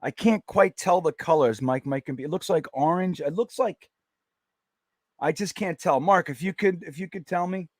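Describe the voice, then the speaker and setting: A man hosting a live watch party stream, chatting casually and reading viewer comments aloud in a rambling, animated way. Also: fairly high pitch, moderate pace, dry recording.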